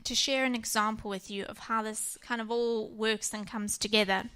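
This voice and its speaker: A woman in her thirties speaks to a church about raising children. She tells stories from home in a gentle, personal way. Her voice sits a little high for a woman. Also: fairly even intonation, moderate pace, clean tone. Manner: warm personal storytelling, gentle. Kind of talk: talk on parenting.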